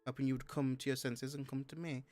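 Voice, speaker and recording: A man's voice: medium pitch, flat delivery, quick pace, dark tone, faint music behind, voice pushed up, close to an everyday voice. A man voicing a doting but stern older mother who scolds her grown son in a fantasy game. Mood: reproachful. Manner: scolding, imperious.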